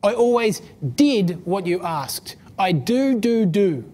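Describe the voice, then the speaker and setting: A woman's voice: medium pitch, animated, takes it slowly, dark tone. A woman voicing a resentful grown older brother who complains in a self-righteous way. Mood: indignant.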